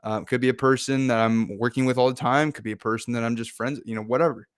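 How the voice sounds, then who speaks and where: A laid-back man hosts a casual motivational talk, chatty and loose and full of fillers. His voice is smooth and clear, and it sounds dry and close. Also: medium pitch, fairly even intonation, quick pace, dry recording. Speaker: host.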